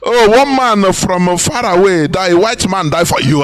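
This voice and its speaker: A man's voice: sits high, expressive, unhurried, soft background music. A Nigerian-accented man giving an impassioned, preachy live broadcast talk, repeating phrases and slipping into pidgin and Igbo. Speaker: broadcast speaker.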